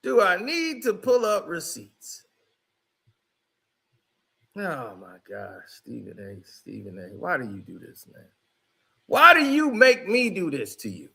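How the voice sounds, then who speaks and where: A man's voice: sits high, huge pitch swings, slow, gravelly, pauses often, sharp tone, slightly rough. A man commentating on a clip, mocking the speaker in a theatrical way. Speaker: online commentator reacting to a clip. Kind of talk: reaction commentary.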